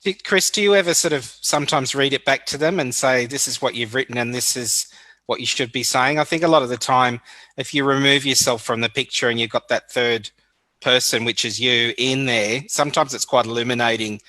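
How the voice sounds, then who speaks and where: A man's voice: medium pitch, brisk, sharp tone, no echo. A man with an Australian accent interviewing a guest, mostly murmuring agreement and asking loose, musing questions. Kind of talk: casual interview conversation.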